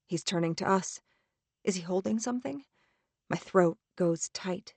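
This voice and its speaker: Slow, low-voiced woman narrating an audiobook. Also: creaky, a little mellow, dry recording. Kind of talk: first-person audiobook narration.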